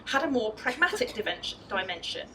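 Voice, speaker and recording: A woman scholar giving a formal lecture, reading verse aloud in a measured, expressive way. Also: fairly high pitch, far from the mic, background noise. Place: lecture venue at a festival.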